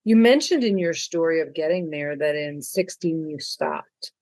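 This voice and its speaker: A podcast host interviewing a guest, summarizing her words back to her and asking gentle follow-up questions. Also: medium pitch, expressive, normal speed, no room sound, rough recording.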